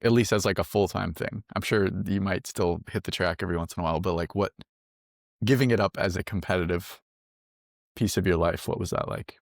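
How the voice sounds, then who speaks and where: A man hosting a podcast, asking calm, probing follow-up questions. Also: sits low, fairly quick, gravelly, no echo, studio quality. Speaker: podcast host. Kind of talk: interview questions.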